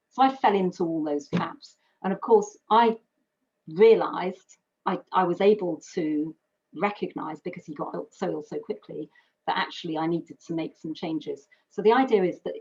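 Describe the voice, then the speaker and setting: A woman's voice: lowish voice, a little mellow, husky. Earnest British woman on lo-fi webinar audio. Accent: British English. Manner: earnest, personal, explains with metaphors and lists. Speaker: carer speaker. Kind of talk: webinar presentation.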